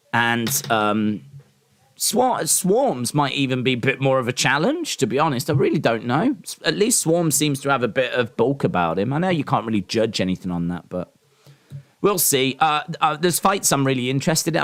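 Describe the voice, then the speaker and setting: A man's voice: mid-range voice, fairly bright tone. A man hosting a casual live stream, talking in a rambling, opinionated way with lots of ums and restarts. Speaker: live-stream host reacting to wrestling and boxing.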